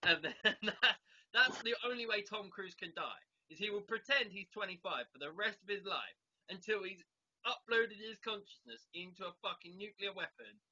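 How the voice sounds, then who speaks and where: A man's voice: sits high, expressive, normal speed, bright, forceful tone. A man co-hosting a podcast in casual chat, sweary and rambling, often laughing. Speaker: podcast co-host. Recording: dull lo-fi sound.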